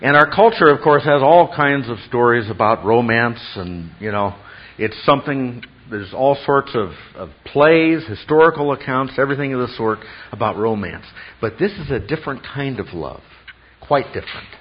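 Husky-voiced male pastor preaching. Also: mid-range voice, expressive, normal speed. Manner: teacherly, asks the congregation rhetorical questions. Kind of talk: expository sermon. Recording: dull lo-fi sound.

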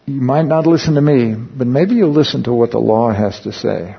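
A man leads a Bible study in an easygoing, talkative way, often turning to his listeners with quick questions. His voice is gravelly and a little husky. The recording sounds dull and lo-fi. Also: mid-range voice, animated. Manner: conversational, with frequent questions to the audience; tells personal stories while explaining scripture. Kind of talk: informal Bible teaching.

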